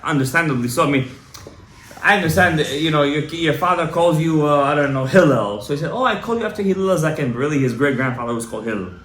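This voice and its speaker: Fervent rabbi. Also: male voice, fairly high pitch, quick pace. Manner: emphatic, exhorting, rising to loud fervent urging. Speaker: rabbi giving a Torah class. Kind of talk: animated Torah lecture to a live audience. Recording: echoey room, faint room noise.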